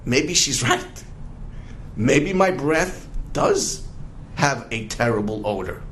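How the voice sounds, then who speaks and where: A man voicing a booming, short-tempered lion king. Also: lively intonation, slow pace, a little hiss or hum. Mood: worried. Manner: booming, commanding, snaps into shouts. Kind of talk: animated storytelling in a Torah class.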